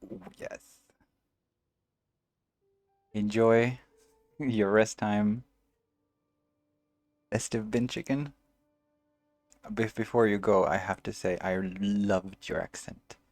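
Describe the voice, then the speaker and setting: A man's voice: fairly low pitch, steady tone, takes it slowly, pauses often, no room sound, soft background music. A man streaming a video game, chatting casually and answering viewers while he plays. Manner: chatty, reads and answers viewers, muses aloud. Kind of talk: casual let's-play chat.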